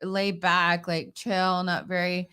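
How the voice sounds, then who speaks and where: A young adult woman co-hosting a casual live chat, talking in a quick, high-strung way. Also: level tone, pushed and bright, smooth. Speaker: podcast co-host.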